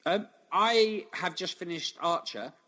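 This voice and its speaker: A man co-hosting a casual podcast chat about shows, chatty and quick to laugh. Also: sits high, pushed and bright, highs cut off. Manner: chatty, laughs easily, plain-spoken. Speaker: podcast co-host.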